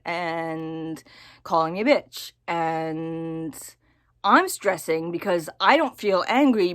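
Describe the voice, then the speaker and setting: A woman talking casually to camera in a personal vlog, halting and repeating her words as she thinks aloud. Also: on the low side, a bit bright, no room sound, clean studio sound. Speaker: vlogger.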